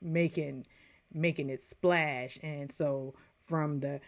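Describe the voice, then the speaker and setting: A woman's voice: low-pitched, steady tone, slow. A woman in her forties giving a casual, chatty movie review, full of digressions and playful asides.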